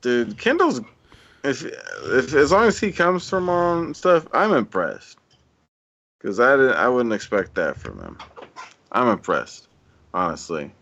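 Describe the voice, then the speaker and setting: A man co-hosting a casual live stream, talking in a laid-back, rambling way with deadpan jokes. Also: mid-range voice, slow, gravelly, highs cut off. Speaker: podcast co-host.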